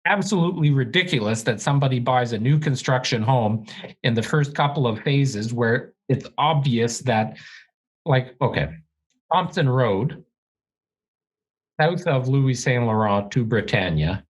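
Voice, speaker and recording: A man's voice: mid-range voice, lively intonation, a little slow, slightly rough, rough recording. A man co-hosting a real estate podcast, talking in a heated, blunt, ranting way with some swearing. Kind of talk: casual podcast chat. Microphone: studio podcast microphone.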